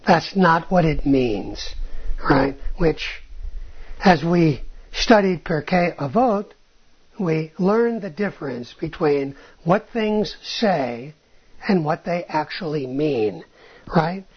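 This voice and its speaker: A woman's voice: deep voice, lively intonation, slow pace, breathy edge. A woman teaching a class on rabbinic texts, often checking in with "right?" and "okay?" and asking rhetorical questions. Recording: dull lo-fi recording.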